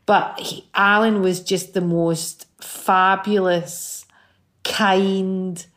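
A middle-aged woman with a Scottish accent, chatting as a guest and telling lively stories, acting out what people said. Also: medium pitch, extremely slow. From Scotland. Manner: lively storyteller who acts out quotes. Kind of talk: casual chat.

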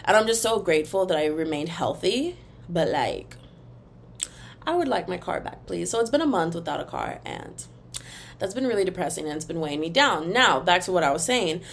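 A young woman hosts her own podcast and rants in a loose, chatty way, speaking straight to her listeners. Her voice sits a little low for a woman. Faint noise hums under the recording. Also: fairly quick, vocal fry. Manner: animated and expressive, sings snippets, talks to listeners as "girl" and "y'all". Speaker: podcast host. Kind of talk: casual ranting monologue.

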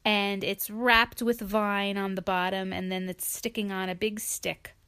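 A woman reading a picture book aloud to a child, gentle and playful, stopping for chatty asides. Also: mid-range voice, little pitch movement, a little slow, smooth. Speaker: reader to a child.

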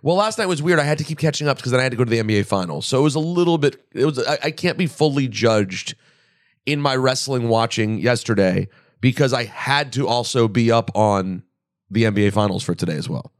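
A man hosting a podcast in casual chat, joking and excitably teasing his co-hosts. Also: medium pitch, no room sound, studio quality. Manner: joking, excitable, quick to tease. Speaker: podcast host. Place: podcast studio.

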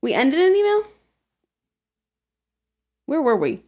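Animated, high-voiced woman podcast co-host. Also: slow. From New York. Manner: animated, swears freely, laughs often. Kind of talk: casual chat.

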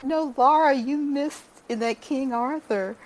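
A woman in a casual chat, retelling scenes with animated delivery. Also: high voice, measured pace, low-quality recording. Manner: animated storytelling with mimicked voices.

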